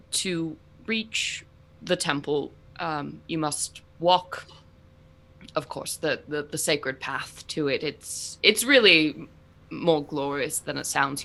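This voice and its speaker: A woman voicing a male scholar in a put-on British accent, formal and halting. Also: low-pitched, vocal fry, sharp tone, heavily acted. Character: male scholar giving calm, formal explanations.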